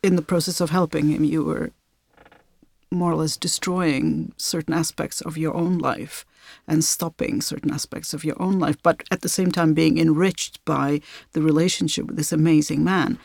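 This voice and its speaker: A woman hosting a podcast interview, asking questions in a measured, thoughtful way. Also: low voice, fairly even intonation, vocal fry, darkish tone, no echo. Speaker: podcast host.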